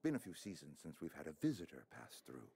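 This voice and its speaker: A pompous husky town administrator. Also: male voice, extremely low pitch, wildly swooping pitch, quick pace, dark tone, heavily acted. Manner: formal, fussy and ingratiating. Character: pompous middle-aged male outpost administrator. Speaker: game character.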